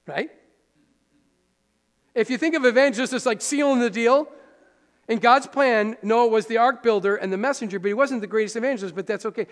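A man pastor preaching a sermon in a conversational, animated way, with quick asides to the congregation. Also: very high voice. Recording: long hall reverb.

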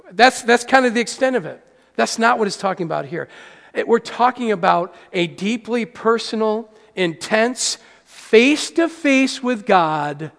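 Male pastor, high gravelly voice, dynamic sermon delivery, echoey church hall. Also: lively intonation, normal speed. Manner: preaching with swings from hushed to loud, calls to the congregation.

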